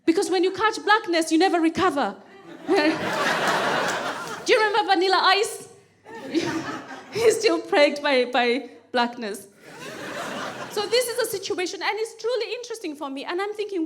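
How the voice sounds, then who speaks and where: Woman stand-up comic, high voice, animated storyteller who leans on repetition. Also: normal speed, long pauses, a little hiss or hum. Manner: animated storyteller, repeats phrases for comic rhythm. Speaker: stand-up comedian.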